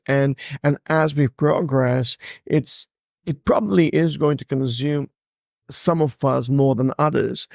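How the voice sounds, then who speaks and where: A man's voice: fairly high pitch, creaky, darkish tone, no room sound, studio quality. A man hosting his own podcast in a personal monologue, with a speech impediment; he repeats and stumbles over words while stressing certain ones and projecting his voice. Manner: halting, repeats words, stutters on starts. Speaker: podcast host.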